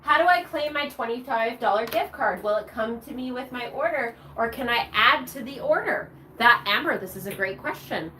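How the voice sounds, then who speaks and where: A woman's voice: fairly high pitch, normal speed, few pauses, pushed and bright, slight background noise. A woman hosting a live shopping show, bubbly and chatty, cheering during the prize wheel spins. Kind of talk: upbeat live sales presentation.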